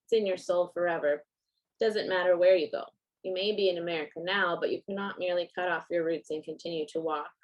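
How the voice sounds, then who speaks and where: A stubborn, proud old grandmother who scolds and complains, as a woman reading her own story puts her on. She speaks in a somewhat low voice with a disapproving edge, as heard in a storybook reading. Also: steady tone, a little fast, lo-fi sound, close to an everyday voice. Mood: complaining.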